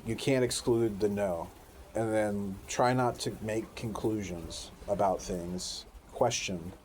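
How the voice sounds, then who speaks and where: A vlogger in his forties talks outdoors with faint wind noise around him, his voice lowish and darkish in tone. He muses in an unhurried, rambling, reflective way, casual and swearing now and then.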